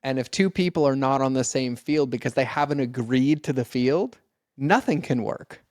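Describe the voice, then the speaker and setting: A man's voice: mid-range voice, normal speed, no room sound. Earnest man, dry close sound. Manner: earnest, animated when acting out exchanges. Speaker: podcast guest, mentor. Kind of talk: casual conversation.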